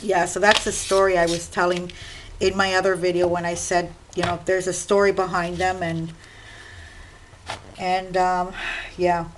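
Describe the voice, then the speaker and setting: Working at her craft desk at home, a middle-aged woman vlogs casually, rambling in a chatty way and talking straight to her viewers. Her voice sits on the low side with little pitch movement, her pace is unhurried, and there's background noise.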